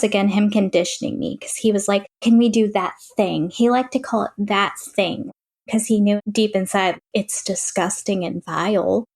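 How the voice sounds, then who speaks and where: A woman's voice: medium pitch, a little mellow. A young woman recounting her childhood in an interview, in a plain, matter-of-fact way with frequent fillers. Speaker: interview guest. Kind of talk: personal testimony in an interview.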